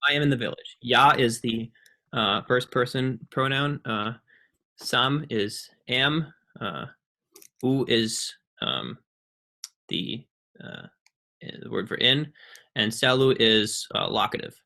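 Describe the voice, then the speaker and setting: Young male student presenter, bright voice, halting, filler-heavy delivery. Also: medium pitch, vocal fry. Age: young adult. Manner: halting, many ums and restarts. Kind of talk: casual online presentation.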